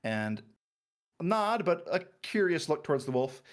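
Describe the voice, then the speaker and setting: A man narrating a tabletop game as game master, relaxed and laughing, with many fillers. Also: on the high side, moderate pace.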